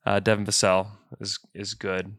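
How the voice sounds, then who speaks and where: A man hosting a casual podcast chat, quick and enthusiastic, loose with filler words. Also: lowish voice, monotone, fairly bright tone, no room sound, studio quality. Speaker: podcast host.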